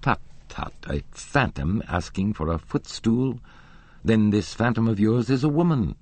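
A man's voice: lowish voice, lively intonation, a little slow, darkish tone, breathy edge, dry recording, pitched above the performer's own voice, exaggerated voice. A man voicing an amused, mocking middle-aged theatre manager with wry, teasing questions in an audiobook reading.

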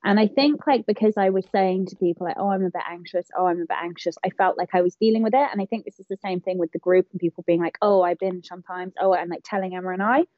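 A woman's voice: mid-range voice, quick pace, hardly any pauses, dry recording. A woman co-host speaking bluntly and casually, with swear words scattered through her talk. The sound is dry and a little dull, missing some top end. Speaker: podcast co-host, fitness coach. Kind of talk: casual chat.

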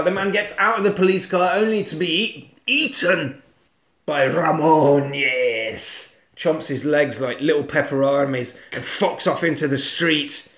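A man tells a story in a casual, animated way, swearing freely and putting on silly voices. His voice sits fairly high. The room around him is echoey. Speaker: podcast co-host. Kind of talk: casual chat, retelling a film plot.

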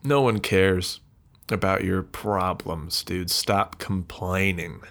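A man's voice: low voice, fairly even intonation, slow pace, gravelly, a bit bright. A man hosting a solo podcast, talking in a bitter, rambling, self-mocking rant with swearing. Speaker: podcast host.

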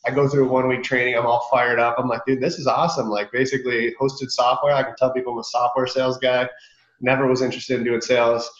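A man's voice: mid-range voice, quick pace, echoey room, dull audio. A man in his thirties from Michigan, a sales guest telling stories in a casual podcast interview and acting out the quotes. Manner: animated storyteller, acts out quotes.

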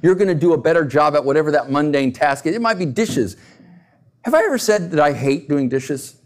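A man pastor delivering a sermon in a lively, swooping voice that sits a little high. He talks conversationally, drops in rhetorical questions, and keeps the congregation engaged. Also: a little fast.

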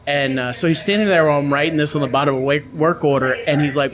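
A man's voice: fairly high pitch, fast, crowd noise. A young man casually telling funny stories on a podcast, acting out the people he quotes. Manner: animated anecdote teller, acts out quotes. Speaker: podcast co-host. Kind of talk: casual storytelling chat.

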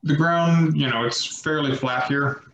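A man narrating as game master in a relaxed, rambling way with many fillers. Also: fairly high pitch, a little slow, a little hiss or hum. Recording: echoey lo-fi room recording.

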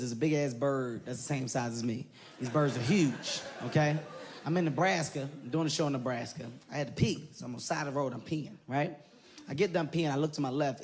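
A man performing a stand-up comedy routine before a live crowd, telling a story in an animated way and acting out the voices of the people in it. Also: medium pitch. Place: theater stage before an audience. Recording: live show with loud crowd laughter.

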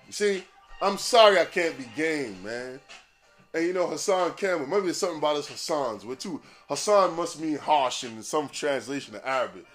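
A man's voice: fairly high pitch, expressive, moderate pace, a bit bright, faint music behind. A man hosting a podcast in a casual, rambling monologue, swearing freely and laughing at his own jokes. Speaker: podcast host.

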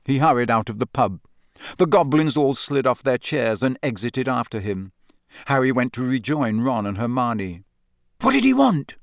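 A man narrating a storybook in a lively, expressive way on a close studio mic. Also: medium pitch, moderate pace, no room sound. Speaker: audiobook narrator.

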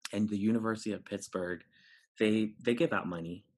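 Low, husky-voiced man telling a story. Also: fairly quick. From New York City. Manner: animated, acts out dialogue, laughs while telling. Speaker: podcast guest. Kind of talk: personal storytelling.

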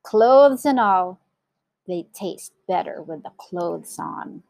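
A woman voicing a greedy male crocodile villain in a children's story, slow and gloating. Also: on the low side, expressive, gravelly, a little mellow, dry recording, full character voice. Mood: sly gloating.

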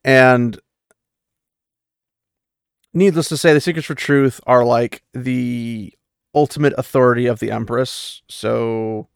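A man's voice: mid-range voice, fairly even intonation, takes it slowly, creaky, long pauses, smooth, no room sound, studio quality. A man casually recapping and commenting on a fantasy novel chapter, rambling with many fillers. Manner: rambling, many fillers, light quoting of characters. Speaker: book discussion host.

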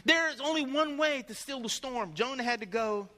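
A man preaching a sermon in a very high voice with a hard, forceful edge. He tells his stories with lively energy and acts out the voices of the people in them. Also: normal speed, long reverb tail. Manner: animated storytelling, acting out voices. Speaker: pastor.

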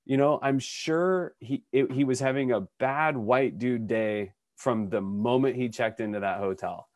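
Animated man telling a story on a podcast. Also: medium pitch, unhurried, no echo, clean studio sound. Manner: animated storyteller who acts out quotes, with frequent restarts. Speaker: podcast co-host. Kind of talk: casual conversational storytelling.

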